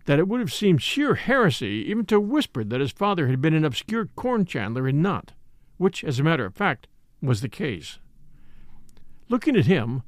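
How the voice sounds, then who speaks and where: A man reading a detective novel aloud as a measured storyteller, dry close recording. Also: no room sound. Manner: measured storytelling, slips into higher voices for characters. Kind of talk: audiobook narration with character voices.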